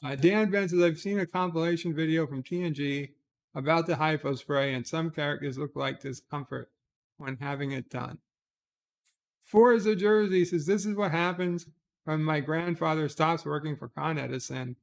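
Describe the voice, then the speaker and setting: A man's voice: a little high, normal speed, gravelly. A man hosting a casual livestream, reading viewer comments aloud and answering each with short asides. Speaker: livestream host.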